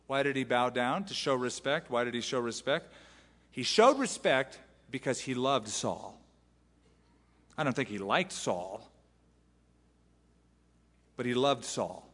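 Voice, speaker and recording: A pastor preaching a sermon, animated, acting out the lines he quotes from scripture. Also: mid-range voice, long reverb tail.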